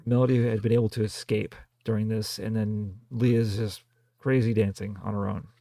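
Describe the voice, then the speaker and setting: Male podcast co-host, deep gravelly voice, dry close mic, deliberate plot recaps. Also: level tone, mellow, dry recording. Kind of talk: casual film review chat.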